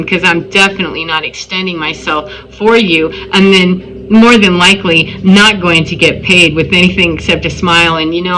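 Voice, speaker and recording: A woman's voice: lowish voice, pushed and bright, slight background noise, low-quality recording. A woman telling a personal story in a casual, emphatic spiritual monologue, acting out what people said. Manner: emphatic, storytelling with acted-out quotes. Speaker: spiritual vlogger.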